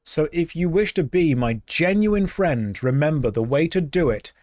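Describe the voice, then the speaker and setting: Male streamer, sarcastic banter, slightly high voice, dry close mic. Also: expressive, moderate pace, a little mellow, dry recording. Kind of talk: casual gameplay stream chat.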